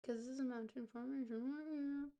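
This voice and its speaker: A woman streamer, hoarse and gravelly from a cold, chatting casually with her viewers and thinking aloud over a game. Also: high voice, steady tone, normal speed, dark tone, lo-fi sound. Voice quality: gravelly, smoker-like. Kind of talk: casual live-stream gameplay commentary. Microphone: close desk mic.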